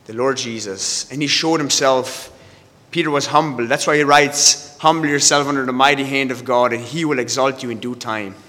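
A man preaching a sermon, halting and restarting often as he quotes scripture. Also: mid-range voice, fairly even intonation, bright, forceful tone. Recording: long hall reverb.

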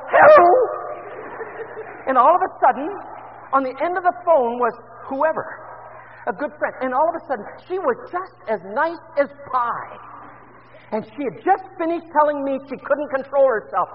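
An older man preaching a fervent sermon in a church, rising to loud emphasis. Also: very high voice, slight background noise. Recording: dull lo-fi with long hall reverb.

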